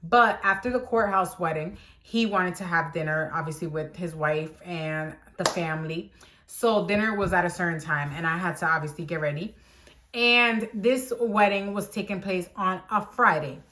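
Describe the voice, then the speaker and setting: A young woman telling a casual storytime, animated and exclamatory, acting out the dialogue as she goes. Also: fairly low pitch, moderate pace. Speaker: vlogger.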